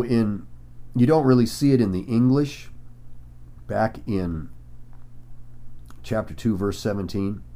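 A male preacher teaching from scripture at an unhurried pace. His delivery is emphatic and full of rhetorical questions, and his pitch rises and falls widely from phrase to phrase. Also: a little mellow. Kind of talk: sermon-style Bible teaching.

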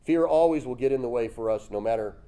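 A man preaching a sermon, telling the story lively, acting out voices and chuckling often. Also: mid-range voice, quick pace, clean tone. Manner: lively storytelling, acts out voices with loud jumps.

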